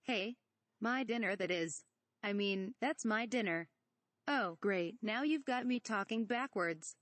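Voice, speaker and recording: A woman's voice: mid-range voice, unhurried, a bit bright, dry recording, natural voice. Woman reading as an exasperated young pilot. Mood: annoyed. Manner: exasperated, snappish. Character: irritable young male pilot.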